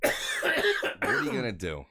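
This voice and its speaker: A man's voice: lowish voice, wildly swooping pitch, slow, over a noisy crowd. A man co-hosting a live show, adding wry, amused remarks between the host's lines. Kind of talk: casual live-stream chat.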